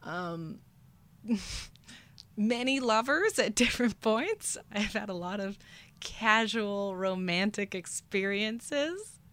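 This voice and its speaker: A woman in her twenties hosts a podcast and tells a comedic personal story. She is animated and self-deprecating, breaking into laughter as she goes. Her voice sits at a medium pitch. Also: slow. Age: 20s. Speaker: podcast host.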